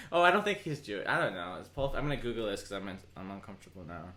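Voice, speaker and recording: Bright-voiced joking man. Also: on the low side, quick pace. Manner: joking, teasing, animated. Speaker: podcast host and comedian. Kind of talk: casual comedic chat.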